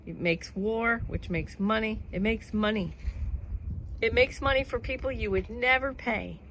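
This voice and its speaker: A woman's voice: fairly high pitch, a little slow, fairly bright tone, slight background noise, rough recording. A woman musing casually to camera about happiness and freedom. She rambles in an earnest tone, with laughs between thoughts. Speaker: vlogger. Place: outdoors at home with animals.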